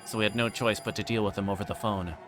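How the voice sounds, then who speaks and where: A man streaming himself reading visual novel narration aloud in a plain, steady way. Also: on the low side, fast talker, music in the background.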